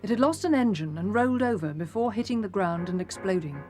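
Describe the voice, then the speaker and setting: Woman voice-over narrator, mid-pitched, formal documentary read, music clearly underneath. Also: expressive, fast talker, mellow. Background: music bed.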